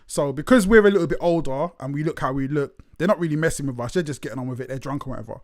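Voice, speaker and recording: A chatty man, relaxed and quick to laugh, swears freely in casual podcast banter. His voice is slightly high, and the sound is close and dry. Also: no echo. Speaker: podcast co-host. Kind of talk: casual chat.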